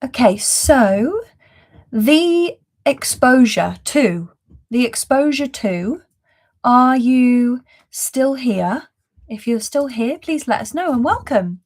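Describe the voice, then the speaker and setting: A woman hosting a live spiritual reading, talking in a gentle, effusive, affirming way with soft laughs between phrases. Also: fairly high pitch, expressive, slow. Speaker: spiritual reader and host.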